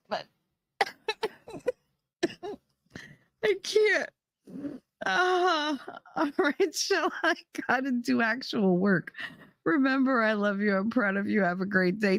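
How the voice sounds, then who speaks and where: A high-pitched woman chats on her home livestream and can barely get through a funny story for laughing. She talks slowly and close to the mic, with a dry sound and no room around her. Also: lively intonation, no room sound. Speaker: livestream host. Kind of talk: casual storytelling chat.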